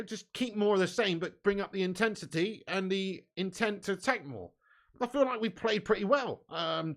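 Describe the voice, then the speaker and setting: He's a fan channel host with a high-pitched, somewhat bright voice, reading live chat during a match watch-along. Expect chatty, blunt, sweary football banter, with "mate" and "bud" dropped in frequently.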